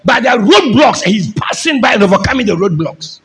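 A man preaching a fervent sermon as pastor, often shouting and calling the congregation to say amen. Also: high voice, sing-song, fairly quick, rough recording.

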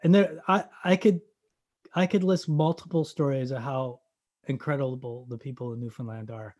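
A man from Canada telling a story in casual chat, acting out the dialogue and bursting into loud excited shouts. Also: medium pitch, normal speed.

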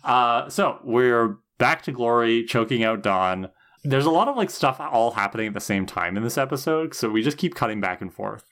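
A man co-hosts a casual recap podcast, walking through an episode scene by scene. He slips in and out of the characters' lines with jumps in pitch and loudness. His voice sits in an ordinary middle register. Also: moderate pace. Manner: animated retelling, acting out character lines. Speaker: podcast co-host.

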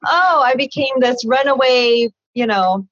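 A woman in her thirties, a guest on an interview, tells her own story candidly and animatedly, laughing often and acting out conversations. Her high-pitched, slightly bright voice moves at a measured pace with lively intonation. The sound is dull, dry and lo-fi.

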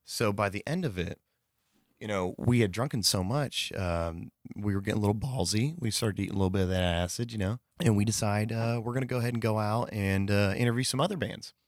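A man with a very low voice tells a loose, casual anecdote. He rambles, corrects himself and swears freely. The recording is dry with no room sound. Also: fairly quick, no room sound. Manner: rambling, with fillers, profanity and self-corrections. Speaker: storyteller.

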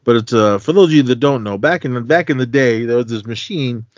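A man's voice: medium pitch, brisk, no room sound. A man in a mid-range voice rambles through a casual movie recap, leaning on lots of fillers. The sound is dry and slightly dull. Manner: rambling, filler-heavy storytelling. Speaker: podcast host.

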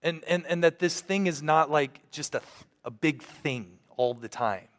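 A man's voice: fairly high pitch, measured pace, fairly bright tone, long reverb tail. A man preaching a storytelling sermon as a pastor, earnest and conversational, often restarting his sentences.

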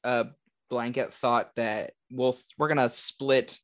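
A man's voice: mid-range voice, steady tone, slow pace, a bit bright. A young man chatting casually about football predictions, thinking aloud with lots of fillers and restarts. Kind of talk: casual sports chat.

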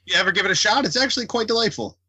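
A man in casual podcast chat with a deadpan, dry way of talking. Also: high-pitched, racing, husky.

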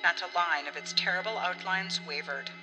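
A woman narrating an audiobook story in an expressive way, acting out the dialogue. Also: on the low side, normal speed. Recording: long reverb with faint music.

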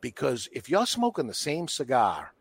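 Gravelly with a breathy edge, this medium-pitched Boston voice belongs to a cigar seller who talks casually on a podcast at a normal speed. He tells stories with gusto and acts out the quotes. There is no room sound.

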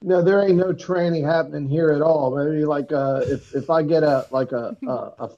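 A man with a warm, higher-pitched voice calls in to a talk show at a moderate pace, telling a meandering story full of ums and restarts. The casual call-in chat comes through dull, lo-fi phone audio.

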